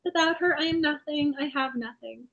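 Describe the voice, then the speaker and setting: A woman co-hosting a casual romance book discussion, animated and laughing often. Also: high-pitched, normal speed, muffled recording. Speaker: book club co-host.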